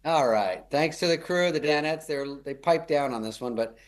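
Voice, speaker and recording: A middle-aged man, a comedian guest, telling stories in a wry, deadpan way and putting on mocking voices for the people he quotes. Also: on the high side, normal speed. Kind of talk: storytelling chat.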